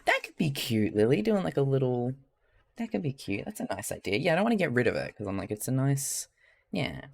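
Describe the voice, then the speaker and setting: Gravelly Australian man chatting on stream. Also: medium pitch, very animated, a little fast, no echo. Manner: chatty, rambling, swears and laughs often. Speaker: live streamer. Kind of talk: casual live-stream chat while crafting.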